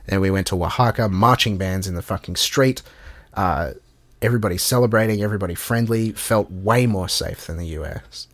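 A man's voice: deep voice, brisk, no room sound. Sweary Australian man telling stories. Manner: swears a lot, animated storytelling. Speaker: podcast co-host. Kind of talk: casual chat.

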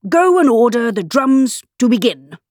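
A woman playing a fussy old storybook king, impatient and bossy, his voice lifted high and swinging about. The reading sounds close and dry. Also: sing-song, a little slow, a little mellow, no echo, exaggerated voice. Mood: commanding. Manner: impatient, commanding.

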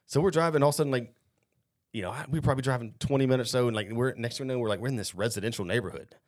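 Dude host rattling off a crazy story, swears a lot, talks fast. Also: male voice, medium pitch. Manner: profane, rambling, animated storytelling. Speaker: podcast host. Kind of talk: casual storytelling chat.

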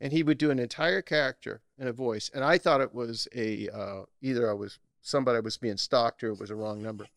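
A middle-aged man, a guest actor, telling stories in a lively, casual chat and laughing often. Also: mid-range voice, fairly quick, gravelly, few pauses, dry recording, clean studio sound. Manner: animated, storytelling, laughs often.

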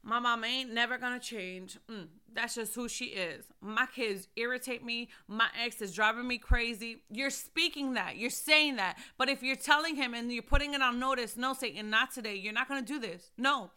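Fervent high-voiced woman preaching. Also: normal speed, hardly any pauses, smooth. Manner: fervent preaching, shouting praise. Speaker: ministry leader. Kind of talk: sermon.

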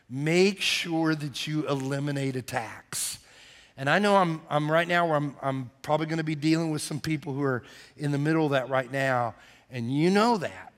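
A middle-aged pastor preaches in a hall with a long reverb. His voice sits high and rings bright. He tells stories with energy and acts out every voice, then drops to a near-hush. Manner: animated storyteller, acts out quotes, drops to hushed tones. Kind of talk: sermon with storytelling. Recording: live in a reverberant church hall.

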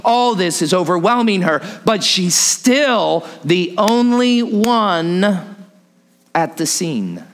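High-voiced man preaching with drama. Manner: dramatic, drops low and soft for emphasis, repeats phrases; asks the listeners rhetorical questions. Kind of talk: sermon.

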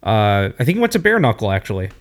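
A man co-hosting a casual chat about fighting, thoughtful and often pausing to find his words. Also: lowish voice, huge pitch swings. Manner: thoughtful, hesitant, searches for words. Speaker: co-host.

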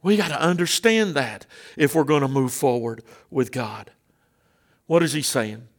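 A male pastor preaching a sermon emphatically, with loud bursts and rhetorical questions to the congregation. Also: medium pitch, animated, measured pace.

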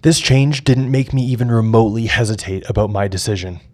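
A man's voice: medium pitch, a little fast, dark tone. A young adult man narrating his personal memoir in an earnest, reflective way.

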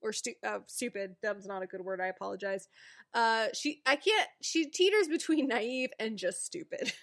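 Bright-voiced woman recapping excitedly. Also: fairly high pitch, moderate pace. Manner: animated recapping, swearing, playful voices for quotes. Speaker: podcast co-host. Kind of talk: casual chat.

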